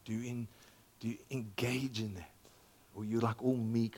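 A man in his sixties preaching a sermon as pastor, conversational and animated, dropping to near whispers and rising again. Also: medium pitch, moderate pace. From Zambia.

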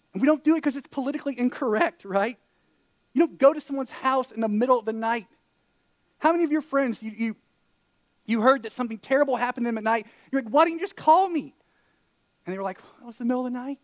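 Animated high-voiced Carolina preacher. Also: male voice, no room sound. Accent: eastern North Carolina. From eastern North Carolina. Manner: conversational preaching, animated asides and acted-out quotes. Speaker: pastor. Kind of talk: sermon.

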